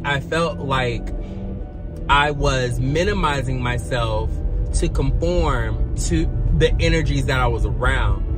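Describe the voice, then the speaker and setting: A man vlogging in casual chat from his parked car, excitable and full of slang, with the hiccups. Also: fairly high pitch. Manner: excitable slang-heavy talk with many restarts.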